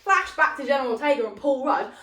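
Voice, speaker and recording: Young woman, high-ish voice, chatty rambling retelling, recorded on a phone across an echoey room. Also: fast, distant mic. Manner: rambling and animated, with lots of fillers. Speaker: vlogger retelling a film plot. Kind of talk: casual rambling plot retelling. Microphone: phone propped up at a distance. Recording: roomy, voice off the phone mic.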